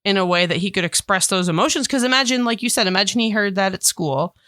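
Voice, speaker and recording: A woman co-hosts a podcast in easy conversation, throwing in blunt, jokey reactions. Her voice is bright and tense, and the recording is dry and close. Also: medium pitch, quick pace, no room sound. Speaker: podcast co-host. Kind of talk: casual chat.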